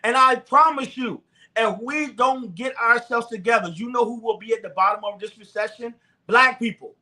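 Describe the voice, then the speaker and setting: High-voiced fervent man preaching. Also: moderate pace, pushed and bright. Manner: fervent, repetitive, preaching cadence. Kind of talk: sermon-style talk to the camera.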